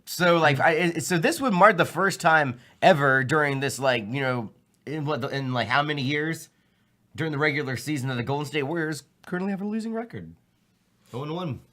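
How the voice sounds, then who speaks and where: A man's voice: fairly high pitch, fairly quick, a bit bright. A man co-hosting a casual show, chatting in a rambling way with repeated words and fillers. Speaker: podcast co-host. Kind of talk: casual chat.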